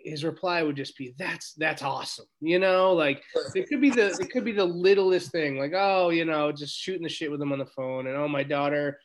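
A man's voice: on the high side, brisk, few pauses. A man guest on a podcast, thinking aloud as he recalls years of friendship. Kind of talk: casual recollection.

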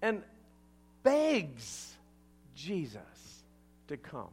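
A male pastor preaching a sermon, retelling a scripture story with animated asides to the congregation. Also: fairly high pitch, measured pace, faint music behind.

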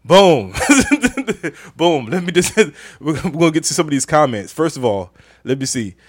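A man's voice: a little high, big pitch swings, normal speed, breathy edge, dry recording. A man hosting a casual podcast live stream, reading out viewer comments with a playful, laughing manner. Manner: laughing, playful, repeats phrases. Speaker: podcast host.

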